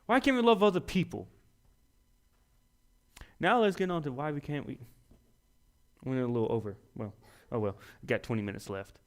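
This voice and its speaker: A man's voice: medium pitch, lively intonation, moderate pace, long pauses. A young man preaching a sermon in a folksy, self-deprecating way, rising to emphatic peaks.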